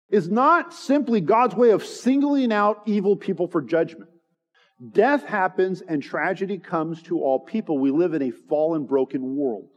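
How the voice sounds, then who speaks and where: High-voiced preacher in a reverberant hall. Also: male voice. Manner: earnest, emphatic preaching with pointed repetition. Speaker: pastor. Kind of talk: expository sermon. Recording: long hall reverb, dull lo-fi sound.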